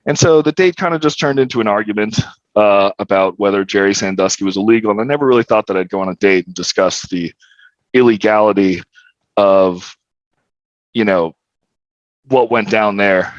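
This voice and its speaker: A man's voice: on the low side, moderate pace, no room sound, dull audio. A young man, a podcast guest, telling a story in a candid, profane, wry way. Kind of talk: casual storytelling.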